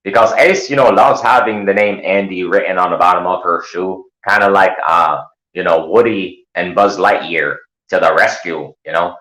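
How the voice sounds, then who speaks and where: A male host chatting casually, rambling and animated, slipping into loud mocking voices. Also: low voice, moderate pace, hardly any pauses, reverberant, rough recording. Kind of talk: casual chat.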